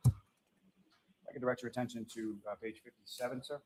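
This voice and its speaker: A man's voice: mid-range voice, flat delivery, moderate pace, warm tone, rough recording. A man in court questioning a witness in a formal manner, calling him sir and dropping in filler uh's. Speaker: trial attorney.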